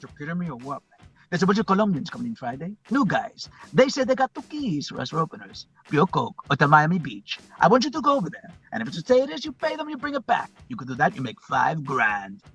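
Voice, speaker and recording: A man's voice: on the high side, huge pitch swings, quick pace, a bit bright, breathy edge, heavily acted. Man impersonating a swaggering gangster boss. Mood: menacing taunt. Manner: taunting, swaggering, mob-boss tone. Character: menacing male gangster boss from a crime film.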